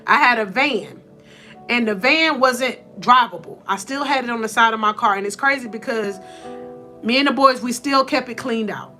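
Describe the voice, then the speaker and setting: A woman's voice: on the high side, normal speed, bright, forceful tone, faint music behind. A woman hosting a faith-based motivational livestream, telling a personal testimony, calling her viewers y'all, emotional and close to tears. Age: adult with four sons.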